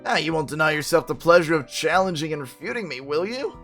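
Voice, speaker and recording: A man voicing a boisterous male mystic showman with a loud, theatrical, crowd-rousing delivery while reading game dialogue aloud. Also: on the high side, lively intonation, fast talker, soft background music. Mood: booming, grand.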